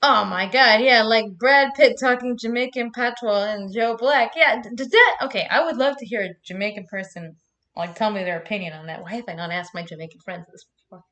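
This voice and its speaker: A woman's voice: a little high, brisk, fairly bright tone, muffled recording. A young woman chatting casually on a live stream, laughing often and swearing freely.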